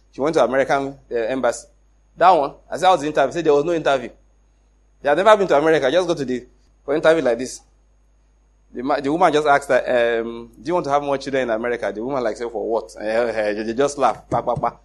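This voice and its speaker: Husky-voiced Nigerian man telling stories. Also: mid-range voice, fast talker. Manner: animated, acts out dialogue, laughs often. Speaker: speaker telling a personal story. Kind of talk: casual storytelling.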